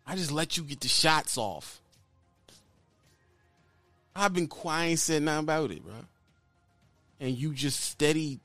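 A man's voice: medium pitch, expressive, normal speed, long pauses, fairly bright tone, dry recording, faint music behind. Blunt mocking man ranting, dry sound. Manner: blunt and mocking, repeats lines. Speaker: YouTuber calling out another trucker. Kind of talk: heated call-out rant.

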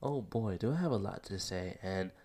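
A man's voice: fairly low pitch, expressive, normal speed, warm tone. A young man hosting a solo podcast, rambling in casual slang, laughing at himself and a bit out of breath. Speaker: podcast host.

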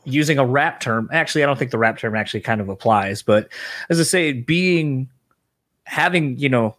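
A man's voice: mid-range voice, normal speed, a bit bright. A man, hosting a casual chat, rambling and reflective with lots of "you know" and "like.". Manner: rambling, reflective, many fillers.

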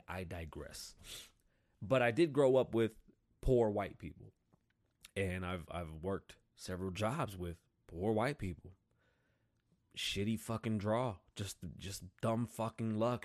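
A man in his thirties hosting a casual monologue, telling stories in a profane, animated and rambling way. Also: mid-range voice. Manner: rambling, digressive. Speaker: podcast host.

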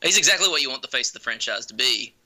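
A man's voice: mid-range voice, expressive, racing, bright, forceful tone. A man co-hosting a casual chat, easygoing and agreeable, and sometimes trailing off mid-sentence.

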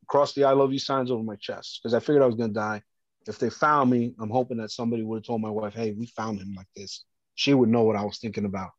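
A man, a former police officer and podcast guest, earnestly recounts a harrowing personal story, often halting and restarting. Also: mid-range voice, no echo. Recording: dull lo-fi dry sound.

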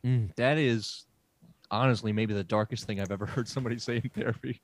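A man's voice: mid-range voice, steady tone, brisk, no echo, close to an everyday voice. A man playing a goofy 1950s greaser therapist who rambles with stammered restarts and gives offhand advice in an improvised comedy scene. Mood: breezy. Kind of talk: improvised comedy role-play.

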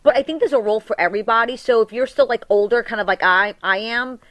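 A woman's voice: a little high, fast, fairly bright tone, no room sound. A woman with a New York accent, chatting as an interview guest in a brassy way, acting out quotes with big jumps in her voice. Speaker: guest, reality TV personality. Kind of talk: casual interview chat.

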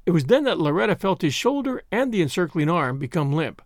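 Expressive male storyteller, dry sound. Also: high voice, no echo. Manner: expressive, measured reading. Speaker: narrator. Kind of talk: storybook narration.

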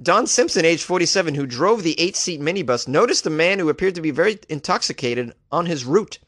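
A man's voice: on the high side, lively intonation, a little fast, a bit bright, dry recording, studio quality. Joking male comedy podcast host. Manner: joking, laughs at his own gags, acts out quotes in silly voices.

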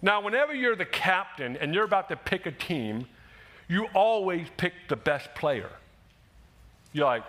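A man preaching a sermon, animated and emphatic, acting out quoted voices and rising to shouts. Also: high voice, a little slow. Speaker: pastor.

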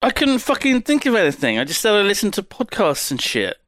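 A man's voice: high voice, wildly swooping pitch, fairly quick, a bit bright, no room sound. A man co-hosting a podcast in casual chat, joking, teasing the others and swearing freely. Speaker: podcast co-host.

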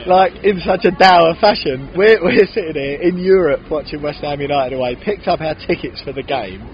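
A man's voice: a little high, moderate pace, hardly any pauses, highs cut off, a little hiss or hum. A man with an English accent co-hosting a casual podcast, chatting outdoors at a city-centre bar. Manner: chatty, self-deprecating, builds in excitement. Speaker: podcast co-host. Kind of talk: casual chat.

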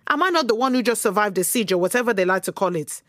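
An emphatic churchgoing ex-hostage. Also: female voice, medium pitch, lively intonation, fast talker, fairly bright tone, dry recording, clean studio sound. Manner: emphatic, indignant, hesitant fillers. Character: married church assistant woman, former hostage, spirited. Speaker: former hostage. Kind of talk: audio drama monologue.

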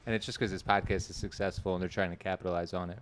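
A man's voice: low-pitched, fairly even intonation, racing, a little hiss or hum. A man as a podcast guest in casual chat, joking and mocking himself.

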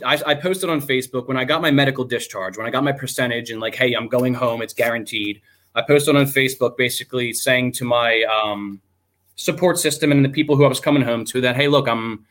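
A young man talks at a middle pitch, loose and unpolished, leaning on ums as he tells a veteran's story. He curses freely and acts out the people he quotes. The sound comes from a video call. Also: a bit bright. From United States. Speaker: guest, army veteran. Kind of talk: casual spoken storytelling.

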